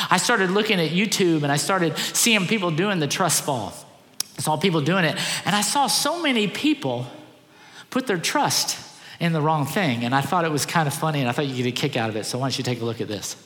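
Echoey, bright-voiced pastor preaching. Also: male voice, a little high, a little fast. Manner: animated, conversational preaching with repeated phrases. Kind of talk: sermon. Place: church auditorium. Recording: echoey church hall.

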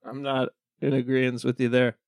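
A man's voice: mid-range voice, flat delivery, moderate pace, a little mellow, dry recording, clean studio sound. A man co-hosting a podcast, rambling and joking in casual banter, full of restarts. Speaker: podcast co-host.

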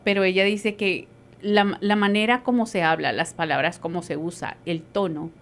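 A woman's voice: medium pitch, fairly even intonation, a little fast. A woman co-hosting a radio show, summarizing the guest's points in a casual way with hesitant fillers. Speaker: co-host interpreting into Spanish.

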